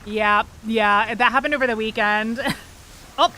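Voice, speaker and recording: A woman streaming a video game, chatting to her viewers, swearing freely and reacting fast to the gameplay. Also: fairly high pitch, fairly even intonation, pushed and bright, slight background noise. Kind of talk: casual gameplay livestream chat.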